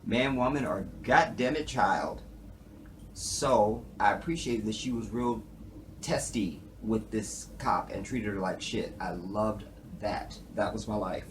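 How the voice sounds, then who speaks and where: A man's voice: on the low side, takes it slowly, slight background noise. Profane man reviewing a TV show. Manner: profane, animated, talks to viewers. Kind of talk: casual commentary.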